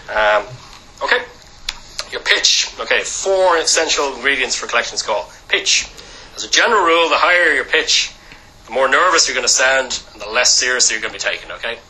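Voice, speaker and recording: A man giving a training lecture to a class. He talks loudly and briskly, checking in with "okay?" after nearly every point. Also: mid-range voice, slight background noise, poor audio. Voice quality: loud voice. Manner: brisk, peppers lines with "okay?".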